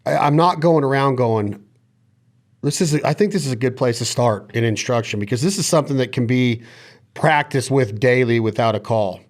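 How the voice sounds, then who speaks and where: A man's voice: mid-range voice, moderate pace. A man hosting a podcast, talking through duck calling technique in long, detailed lists. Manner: energetic, detailed, lists body parts and steps. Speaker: podcast host. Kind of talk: casual instructional chat.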